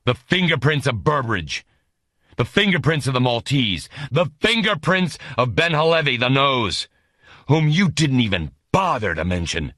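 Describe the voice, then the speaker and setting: A man's voice: medium pitch, very animated, moderate pace, fairly bright tone, dry recording, studio quality, pitched above the performer's own voice. A male narrator voicing an older general in a barking, furious tirade. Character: gruff roaring elderly male general.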